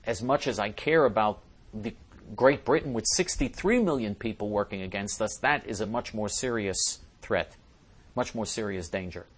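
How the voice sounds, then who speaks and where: A man hosting a talk show, reading listener messages aloud and answering them in an emphatic way, often repeating and restarting his phrases. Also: fairly low pitch. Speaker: host.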